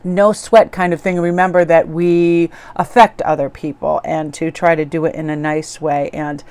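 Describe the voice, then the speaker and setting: A woman's voice: low-pitched, level tone, normal speed, darkish tone, smooth. A woman tarot reader chatting casually to her viewers in a bubbly, gushing way. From Korean heritage, living in New England.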